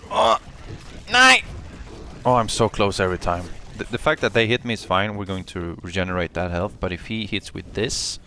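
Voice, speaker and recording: A man giving live commentary on his own gameplay, excitable, swinging between muttering and yelling, and cursing often. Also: low-pitched, fairly quick, hardly any pauses, a little hiss or hum. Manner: curses often. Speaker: gameplay streamer.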